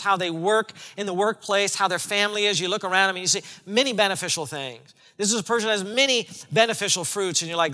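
Male pastor, high bright voice, emphatic sermon delivery, long hall reverb. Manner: emphatic preaching, shifting between loud and hushed.

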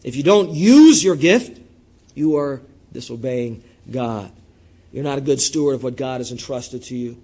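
A male pastor, preaching a sermon to his congregation and swinging between loud, emphatic lines and quiet asides. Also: medium pitch, animated, normal speed.

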